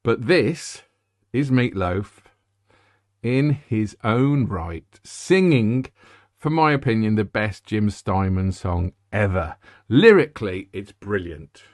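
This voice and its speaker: Rambling, jokey music host. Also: male voice, on the low side, lively intonation, slow pace, no echo, clean studio sound. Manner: rambling, jokey, self-interrupting. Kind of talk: casual chat.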